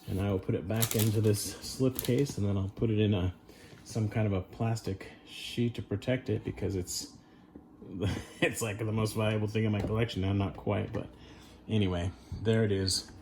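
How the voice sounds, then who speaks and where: A man's voice: fairly low pitch, fairly even intonation, moderate pace, darkish tone, slight background noise. A man hosting a casual unboxing vlog at home, talking in a wry, self-deprecating way as he thinks aloud. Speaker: collector and channel host.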